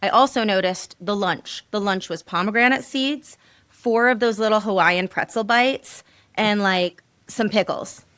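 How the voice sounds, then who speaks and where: A woman comedian, a podcast guest, telling animated stories with laughter and the odd swear word. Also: medium pitch, unhurried, clean tone. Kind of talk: casual podcast storytelling.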